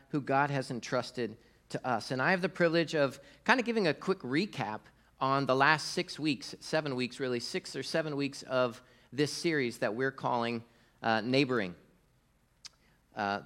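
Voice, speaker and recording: A man's voice: medium pitch, fairly bright tone. A middle-aged man giving a conversational sermon as pastor, speaking casually to the congregation with fillers and prompts to the audience.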